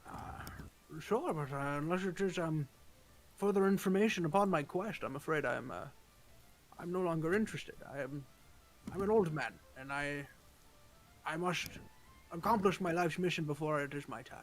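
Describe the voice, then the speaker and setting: A man's voice: fairly high pitch, lightly acted, poor audio. A man doing a grave old monster hunter. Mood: weary. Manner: halting, grave and formal speech. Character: old male leader of dragon hunters, earnest and weary. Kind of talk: role-playing a tabletop game character.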